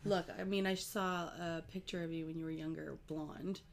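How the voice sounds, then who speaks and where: Low, gravelly woman co-host. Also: fairly even intonation, moderate pace. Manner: blunt, chatty, trails off quietly. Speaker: podcast co-host. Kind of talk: casual podcast chat.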